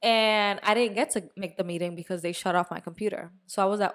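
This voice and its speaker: A young woman chats on her podcast in a loose, animated storytelling way. Her voice sits at an ordinary middle pitch, and she swears freely and slips Spanish words into her talk. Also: a little fast, few pauses. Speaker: podcast co-host. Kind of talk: casual chat.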